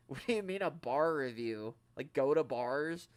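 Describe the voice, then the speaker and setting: A man hosting a casual toy-collecting livestream, chatting and ranting in a joking, animated way, quoting others in mock voices. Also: mid-range voice, unhurried, no echo. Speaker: toy collecting channel host.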